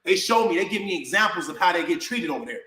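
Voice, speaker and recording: A man's voice: high-pitched, animated, fast talker, pushed and bright. Indignant man ranting in an echoey room. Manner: indignant, repetitive, addresses viewers as bro. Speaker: vlogger. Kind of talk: heated rant to camera.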